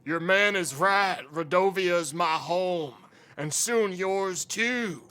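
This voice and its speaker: A man voicing a proud barbarian bandit, reading lines in a slow, taunting drawl. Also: sits high, bright, forceful tone, clean tone, heavily acted. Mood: defiant. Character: defiant male barbarian bandit, proud and scornful.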